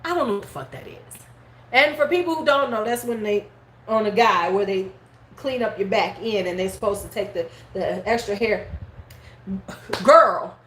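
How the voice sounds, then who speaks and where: Middle-aged woman chatting on her live stream, animated storytelling with cussing, echoey room, faint noise behind. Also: mid-range voice, brisk. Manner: animated, swears freely, acts out relatives' words. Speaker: beauty vlogger hosting a live stream. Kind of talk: casual storytelling chat. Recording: roomy echo, faint background noise.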